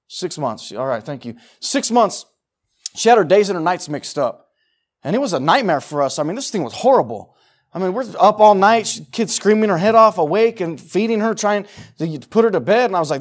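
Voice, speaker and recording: A middle-aged man preaching a sermon in an emphatic, conversational way, often repeating phrases for stress. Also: high voice. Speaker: pastor.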